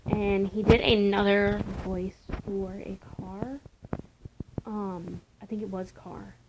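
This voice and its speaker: A woman's voice: mid-range voice, level tone, takes it slowly, background noise. A young woman vlogging casually from home in a rambling, chatty way, sometimes dropping to a near-whisper. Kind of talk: casual chat. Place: home, indoors. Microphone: camera mic.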